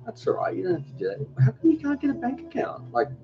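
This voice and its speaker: His voice is very high and swoops wildly in pitch as he talks fast. The man, an Australian in his forties who runs a cooking channel, chats on a live stream, reading viewer comments aloud and often restarting sentences, over music in dull lo-fi audio.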